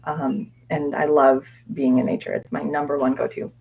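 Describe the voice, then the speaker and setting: A woman coaching viewers in a live question-and-answer session, candid and meandering, with fillers and self-corrections, sometimes dropping to soft whispered repetitions. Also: low voice, level tone, moderate pace, creaky, breathy edge. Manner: soft-spoken, drops to quiet whispered repetitions. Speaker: mindset coach.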